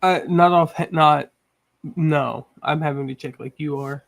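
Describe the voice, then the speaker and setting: A man chatting casually as co-host of an online class, halting and restarting often. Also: on the high side, steady tone, creaky. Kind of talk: casual chat.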